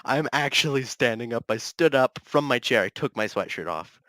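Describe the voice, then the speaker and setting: A man's voice: mid-range voice, expressive, normal speed, no echo, rough recording. Young man ranting in mock outrage. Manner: repetitive, escalating mock-heated ranting; says he is yelling and heated. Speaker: podcast host. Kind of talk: solo comedic rant.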